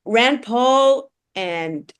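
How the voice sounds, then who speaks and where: A woman's voice: fairly high pitch, lively intonation, extremely slow, clean tone. A woman co-hosting a casual political chat, blunt and a little profane, who often restarts her sentences. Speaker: co-host.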